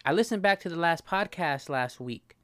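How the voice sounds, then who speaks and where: A man in his thirties with a raised, smooth, resonant voice, recorded dry and close. He talks fast in a loose solo podcast monologue, tripping over his words and stuttering now and then while swearing freely. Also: fairly high pitch, expressive, a bit bright, no room sound. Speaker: podcast host.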